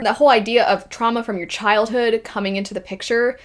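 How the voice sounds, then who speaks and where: A woman reviewing a series in a casual spoken style, lively and acting out her own quoted reactions. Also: medium pitch, fast, hardly any pauses. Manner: animated, acts out quoted reactions. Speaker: video reviewer.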